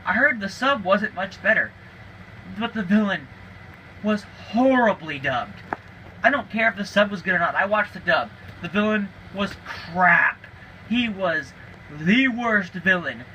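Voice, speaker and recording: Casual ranting male vlogger, higher voice, bright tone, emphatic delivery. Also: slight background noise, rough recording. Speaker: video creator. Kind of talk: casual opinion monologue.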